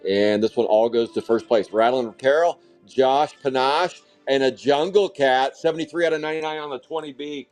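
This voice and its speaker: Male card-break host, mid-pitched, excitable and profane, live-stream commentary, soft music bed. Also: normal speed, hardly any pauses. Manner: hype-driven, excitable calling of card pulls, casual swearing.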